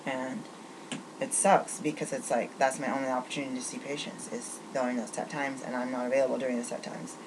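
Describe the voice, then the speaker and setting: A woman's voice: a bass voice, flat delivery, a little fast, noisy background. A woman venting in a rambling vlog monologue, riled up and angry, tripping over restarts as she talks. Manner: rambling, agitated ranting with many restarts. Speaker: vlogger.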